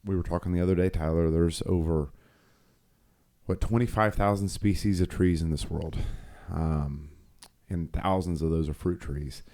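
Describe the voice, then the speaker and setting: A man's voice: deep voice, fairly even intonation, normal speed, warm tone. A middle-aged man co-hosting a podcast, telling a rambling faith story with many fillers and restarts. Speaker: podcast co-host. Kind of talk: casual faith talk.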